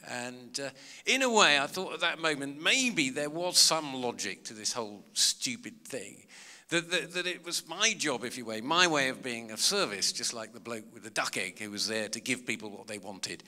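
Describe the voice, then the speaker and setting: A comedian spins self-mocking stories for a live audience, his pitch leaping up and down as he goes. His voice is bright and forceful. The sound rings with the long reverb of a big public hall. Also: moderate pace. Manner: chatty, self-mocking, animated anecdotes. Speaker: comedian and author giving a talk. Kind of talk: storytelling talk to a live audience.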